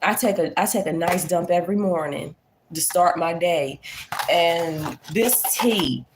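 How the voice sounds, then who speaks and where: A woman's voice: fairly low pitch, unhurried, a little hiss or hum. A woman vlogger chatting casually to her viewers, folksy and talkative. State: congested. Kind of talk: casual chat to camera.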